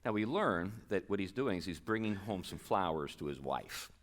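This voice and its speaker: A man's voice: low-pitched, lively intonation, moderate pace, few pauses. A man giving a casual, conversational talk to a men's group in a church hall, with fillers and chatty asides. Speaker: guest speaker.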